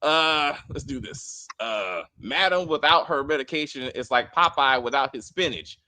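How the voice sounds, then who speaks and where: A man co-hosting a casual TV review chat, animated and profane, acting out scenes and apologizing for his tangents. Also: medium pitch, normal speed. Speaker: co-host of a TV review show.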